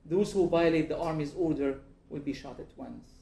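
A man voicing a soldier who barks orders over a loudspeaker, read aloud from a book in an echoey room. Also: fairly high pitch, moderate pace, creaky. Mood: commanding. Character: commanding male soldier on loudspeaker.

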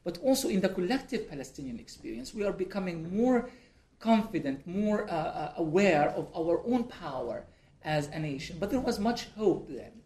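A man, the author and guest, reads from his book in a measured, deliberate way and answers questions in halting speech with many restarts. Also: high voice, sing-song, a little mellow. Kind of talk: reading aloud from his book, then interview answers. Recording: echoey room.

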